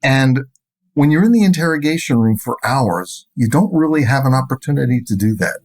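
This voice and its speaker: A man's voice: mid-range voice, animated, brisk, darkish tone. A man interviewed as an expert, explaining in a firm, methodical way.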